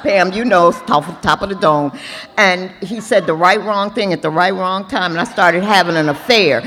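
A woman's voice: fairly low pitch, normal speed, fairly bright tone. A middle-aged woman sharing her testimony at a recovery meeting, passionate and preachy with comic asides. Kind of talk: personal testimony with comedic asides. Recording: echoey hall, faint ambient noise.

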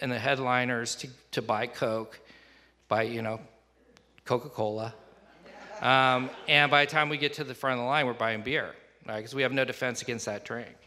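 Bright-voiced man telling a story. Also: medium pitch. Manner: rambling and self-deprecating, with frequent fillers and asides. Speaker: speaker sharing a recovery story. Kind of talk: personal storytelling. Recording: long hall reverb.

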